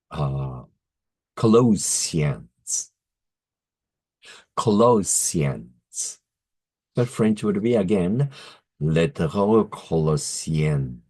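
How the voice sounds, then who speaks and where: Slow, deep-voiced, husky male teacher. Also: darkish tone. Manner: slow and careful, repeats words, corrects himself, chuckles. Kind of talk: language lesson.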